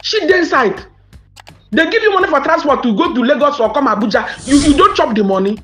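Faint music plays as a high-voiced Nigerian woman talks fast and animatedly to her subscribers. She is emphatic and outraged, asking pointed questions in a mix of Pidgin and English.

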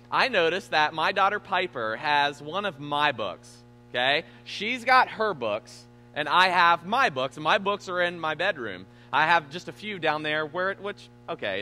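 A young man preaching a sermon as pastor, telling a family story with animated, self-deprecating humor and saying he is tired. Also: high-pitched.

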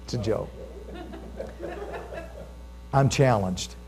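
An American man preaching a sermon as pastor, telling a story with lively calls to his congregation. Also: lowish voice, drawn-out words, crowd noise.

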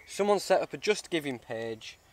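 A man's voice: on the high side, expressive, moderate pace. Chatty man outdoors. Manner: chatty and heartfelt, says mate. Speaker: bushcraft vlogger. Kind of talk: casual outdoor vlog. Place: woods outdoors.

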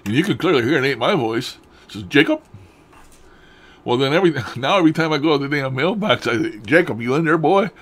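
A man's voice: mid-range voice, expressive, fast talker, fairly bright tone. A man chatting casually to camera at home about odd happenings. He speaks in a rambling, folksy way with loose grammar and frequent chuckles. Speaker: paranormal vlogger.

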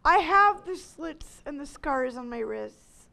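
A woman in her forties giving an emotional testimony talk as a ministry leader, swinging between loud cries and hushed near-whispers. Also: high voice, animated, takes it slowly, creaky.

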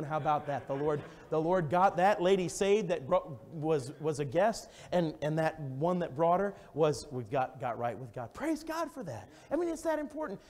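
A man preaching a fervent revival sermon as an evangelist, swinging between loud, urgent exclamations and hushed, intimate storytelling. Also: a little high. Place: church sanctuary. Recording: long church reverb.

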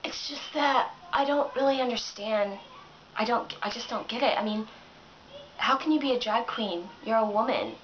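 A woman voicing a confused, earnest religious woman who speaks hesitantly and haltingly. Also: on the high side, muffled recording, a little hiss or hum, voice pushed down, lightly acted. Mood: puzzled.

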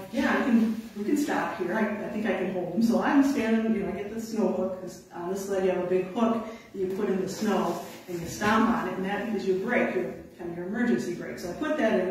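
A woman's voice: mid-range voice, slight background noise. Woman, Upper Midwest American accent, chatty storyteller, far from the mic, very echoey room. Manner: chatty, animated retelling with acted-out quotes. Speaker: conservation officer. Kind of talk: storytelling in an interview.

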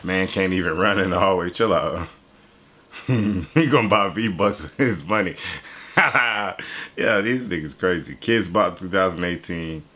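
A man in his twenties giving loose, profane, animated commentary as a reaction video host. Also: sits low, unhurried.

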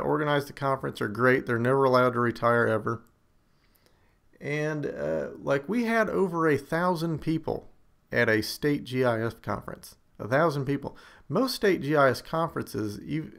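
A man's voice: a little high, vocal fry. A man hosting a screencast, talking casually with wry, self-deprecating humor and emphatic asides. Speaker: screencast host.

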